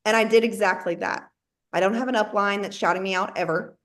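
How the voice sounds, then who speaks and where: A Southern-accented woman in about her thirties, a network marketing team leader, gives her sales team an animated motivational talk in a brisk, mid-range voice. She speaks both to herself and to the listener, acting out her own inner dialogue.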